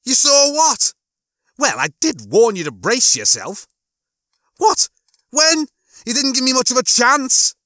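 A man voicing a shrill, panicky young spaceman. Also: huge pitch swings, normal speed, few pauses, fairly bright tone, slightly rough, no room sound, clean studio sound, full character voice. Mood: alarmed. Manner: shrill, exasperated outbursts. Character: panicky young male spacefarer, aged twenty-five.

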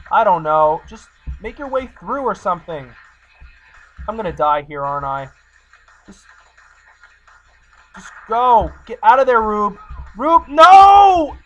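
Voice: medium pitch, fairly bright tone. Exasperated let's play gamer, slightly muffled. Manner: exasperated, talks to the game. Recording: slightly muffled recording, faint game music.

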